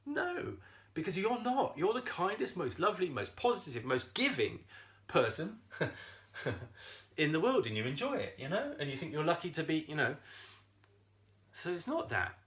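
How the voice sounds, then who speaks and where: Man, self-esteem coach, live stream, bright tone, chatty and blunt. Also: a little high, a little slow, long pauses. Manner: animated, swears freely, laughs often, talks straight to viewers.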